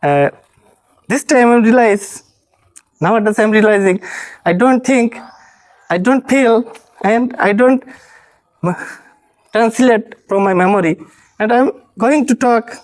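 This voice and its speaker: A man from Bangladesh, an English trainer with a Bangladeshi English accent and a very high voice, gives an earnest, encouraging motivational talk. He halts often to correct himself.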